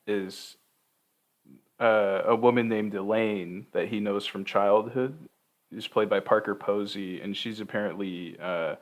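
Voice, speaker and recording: Lowish-voiced man rambling through a movie recap. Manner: rambling, profane, heavy on fillers. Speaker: podcast host.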